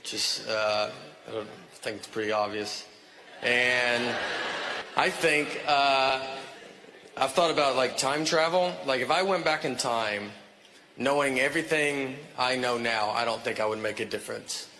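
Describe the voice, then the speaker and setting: A man in his forties doing stand-up comedy, deadpan and self-deprecating, with an audience laughing in an echoey hall. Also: mid-range voice, a little slow, a little hiss or hum. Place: theater stage before an audience.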